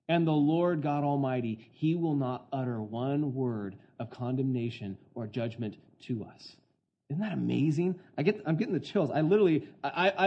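A man preaching an expository sermon in an excitable, conversational way, often putting questions to the congregation. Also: a little high, slightly rough, dull audio. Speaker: pastor.

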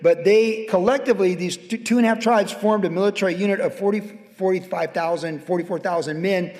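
High-voiced preaching man, hall reverb. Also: fairly quick, darkish tone. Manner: conversational preaching, rising to emphatic exhortation. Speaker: pastor. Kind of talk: sermon.

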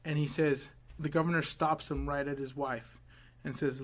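A man preaching a sermon, telling a story dramatically, dropping to hushed quoted words and rising to loud build-ups. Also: medium pitch, little pitch movement, normal speed, few pauses.

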